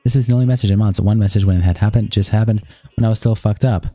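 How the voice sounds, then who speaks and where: Streamer, male, dark mellow tone, rattles through text messages at high speed over faint guitar. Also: steady tone, rapid-fire, no room sound. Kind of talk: reading a text-message exchange aloud.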